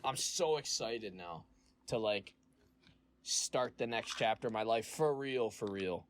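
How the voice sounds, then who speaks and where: Young male podcast co-host; lively, anecdotal, profane; faint room noise. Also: fairly low pitch, measured pace. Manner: animated storyteller, acts out quotes, swears freely. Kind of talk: casual chat.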